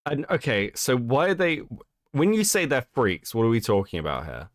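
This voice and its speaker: Host guy asking blunt questions, super animated pitch, dry close sound. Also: normal speed, no echo. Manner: incredulous reactions and blunt questions. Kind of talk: casual chat.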